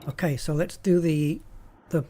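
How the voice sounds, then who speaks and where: Guy with a soft mellow voice talking to himself through a game, chatty, slightly high. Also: steady tone, a little slow, a little hiss or hum. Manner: chatty, thinking aloud while playing. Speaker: gaming channel host. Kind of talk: casual gameplay commentary.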